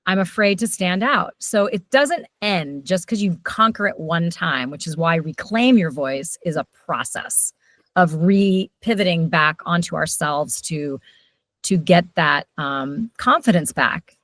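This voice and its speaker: In a casual interview, a middle-aged woman who coaches voiceover spins animated stories, her volume rising and falling fast. Her voice sits low, and there's no echo.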